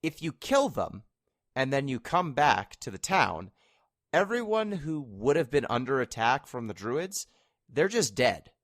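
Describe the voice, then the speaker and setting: A man's voice: medium pitch, big pitch swings, measured pace, fairly bright tone, no room sound, studio quality. A man co-hosting a casual podcast chat, explaining things at length with wry asides. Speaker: podcast co-host.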